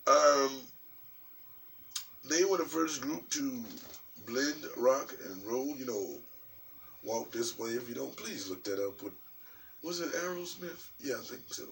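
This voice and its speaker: Man animated, profane vlogger from New York. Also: medium pitch, a little slow, vocal fry, long pauses. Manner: animated, profane, rambling with many restarts. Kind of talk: casual commentary vlog. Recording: distant mic with faint background noise.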